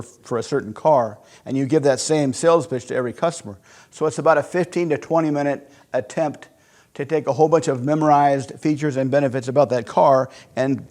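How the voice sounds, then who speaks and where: A man teaching sales psychology through a conversational, animated personal story. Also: mid-range voice. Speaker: sales instructor. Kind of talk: storytelling lesson.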